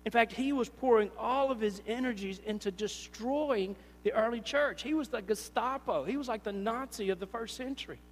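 A man preaching a sermon, animated and storytelling, acting out little scenes in different voices. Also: very high voice, normal speed, hardly any pauses, in a large hall, slight background noise. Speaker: pastor.

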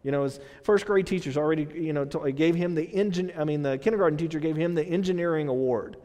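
A man's voice: a little high, fast, mellow, long reverb tail. A middle-aged man preaching a sermon in a casual, conversational way, often repeating himself and using fillers. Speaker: pastor.

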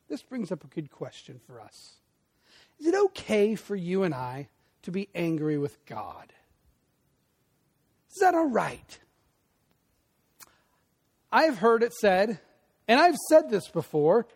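Animated gravelly-voiced male preacher. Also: high-pitched, a little slow, pauses often. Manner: animated, swings between loud bursts and hushed emphasis; conversational asides to the congregation. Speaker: pastor. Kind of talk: sermon.

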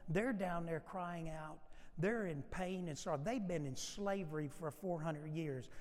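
Preaching man in a reverberant hall. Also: sits high. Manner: emphatic preaching, acting out Bible dialogue. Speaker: pastor. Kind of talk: sermon.

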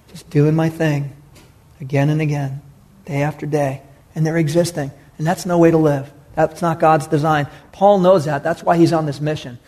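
Earnest gravelly-voiced male pastor preaching. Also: high-pitched, darkish tone. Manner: earnest, repeats key phrases, asks the congregation questions. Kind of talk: sermon.

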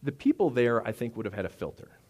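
Conversational pastor in a reverberant hall. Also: male voice, mid-range voice, fast. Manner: conversational, animated, with playful asides. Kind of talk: sermon.

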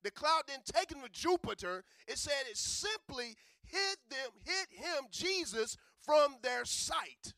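A high, gravelly-voiced pastor preaches in an easy, joking way that builds to loud emphasis. The sound is close and dry with no room echo. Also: male voice, sing-song, takes it slowly, hardly any pauses. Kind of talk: sermon.

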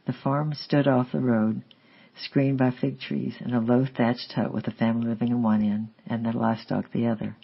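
A man steadily reading a memoir aloud in a measured, unhurried way, on a slightly dull lo-fi recording. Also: mid-range voice, level tone, vocal fry, slightly rough. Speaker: audiobook reader. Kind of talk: memoir narration read aloud.

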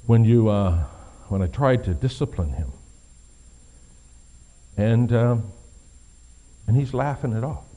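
Middle-aged male pastor preaching with a mellow voice. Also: medium pitch, animated, takes it slowly, pauses often. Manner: swings from quiet to loud, stressed emphatic delivery. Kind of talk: sermon.

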